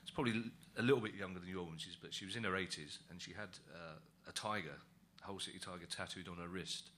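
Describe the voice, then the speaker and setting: A man's voice: deep voice, quick pace, a bit bright, a little hiss or hum. A man hosting a comedy panel, dry and wry, breaking into his own sentences with asides. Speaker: host.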